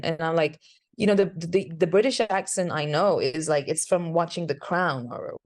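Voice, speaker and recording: A woman's voice: on the low side, normal speed, darkish tone. A woman, an actress chatting in an interview, searching for words as she talks. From Sweden. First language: Swedish. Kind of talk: casual interview answers.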